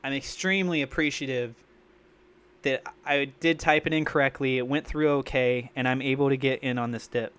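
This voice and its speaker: A man hosting a crypto livestream, rambling and thinking out loud in an excitable way. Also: mid-range voice, normal speed, clean tone. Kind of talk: live-streamed crypto commentary.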